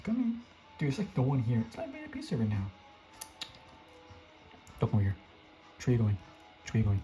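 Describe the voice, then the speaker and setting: A young man giving excitable live commentary while playing a game, his voice jumping up high when he gets scared. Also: quick pace, dull audio, faint music behind. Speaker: gaming video creator.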